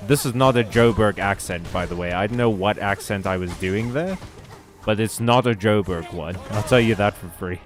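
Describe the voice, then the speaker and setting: A man's voice: lowish voice, moderate pace, soft background music. A young man streaming a game, joking and self-deprecating as he reads chat and swears freely. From South Africa. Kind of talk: casual game commentary and chat reading.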